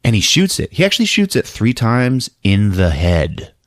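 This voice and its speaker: A man hosting a podcast, casually recapping a film in an animated way, laughing often and acting out the lines. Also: fairly low pitch, normal speed, no echo, studio quality. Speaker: podcast host.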